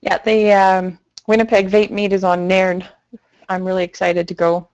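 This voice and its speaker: A young woman from Canada co-hosting a casual livestream chat, telling stories in a chatty, animated way. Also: mid-range voice, moderate pace, highs cut off. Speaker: guest cohost.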